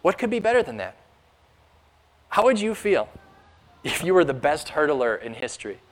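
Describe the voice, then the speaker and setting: A man's voice: a little high, big pitch swings, moderate pace. A man preaching a sermon in an earnest, emphatic way, building up through rhetorical questions. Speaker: pastor.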